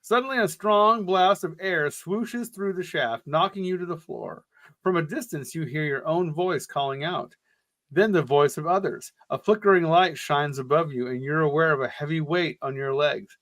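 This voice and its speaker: Casting note: upbeat male co-host, slightly higher voice, jokey, animated storyteller. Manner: jokey, animated, quick asides. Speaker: podcast co-host. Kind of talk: casual chat and reading a gamebook aloud.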